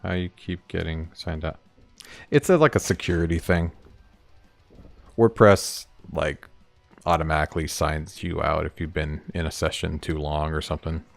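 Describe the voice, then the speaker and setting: An indie game developer livestreams while building his game, thinking aloud, rambling and chuckling through each step. He has a bass voice with vocal fry at normal speed, no room sound, and faint music behind him.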